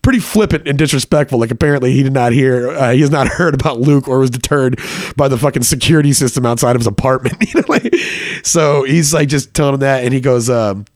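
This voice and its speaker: A man telling a personal story in a loose, casual way, swearing freely and using plenty of filler. His voice is mid-pitched, and the recording is dry and close. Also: quick pace, darkish tone, dry recording.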